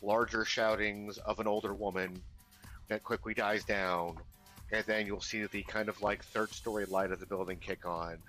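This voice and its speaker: A man's voice: lowish voice, level tone, normal speed, bright, forceful tone, soft background music, low-quality recording. A man narrating as game master of a tabletop game, rambling with many fillers.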